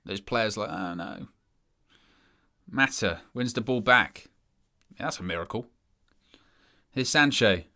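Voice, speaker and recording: A man commentates live over a match, ranting with weary sarcasm about his side. His voice is bright and forward, and his delivery swings between flat disbelief and raised frustration. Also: medium pitch, unhurried, pauses often. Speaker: fan channel presenter.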